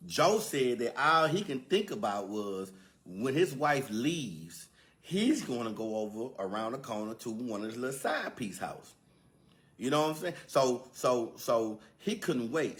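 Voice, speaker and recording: A man's voice: mid-range voice, a bit bright. A man casually telling a comedic story in slangy speech, with repeated words and asides to the listener.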